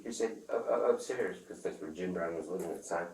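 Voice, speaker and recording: A man telling a rambling, profane story in casual talk, acting out the other people's lines loudly. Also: low-pitched, a little fast, few pauses. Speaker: interviewee. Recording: echoey room, far from the mic, faint noise.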